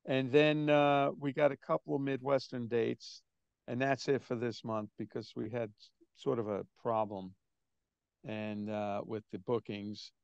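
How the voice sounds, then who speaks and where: A gravelly older man, a drummer, tells stories in a relaxed, chatty way. His voice comes through a bit muffled and lo-fi, as on a remote call, and the sound is dry. He sits at a middle pitch. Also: measured pace, no echo. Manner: chatty, anecdotal, quoting others in put-on voices. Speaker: drummer, interview guest. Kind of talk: relaxed storytelling in an interview.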